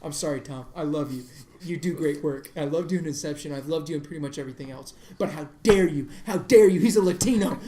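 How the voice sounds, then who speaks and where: A woman's voice: low voice, fast. Ranting woman podcast co-host, echoey room. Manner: animated, ranting, laughing between lines. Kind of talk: casual podcast chat. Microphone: studio mic.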